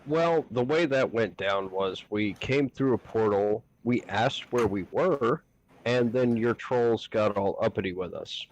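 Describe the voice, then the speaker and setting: Low-voiced man bluffing in a tabletop game. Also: unhurried, lo-fi sound, a little hiss or hum. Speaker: player.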